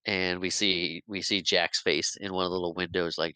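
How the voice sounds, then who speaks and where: Male podcast co-host, chatty animated recap, bright clear voice, dry sound. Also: sits low, moderate pace, no echo, rough recording. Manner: chatty, animated retelling with acted quotes. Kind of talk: casual film recap.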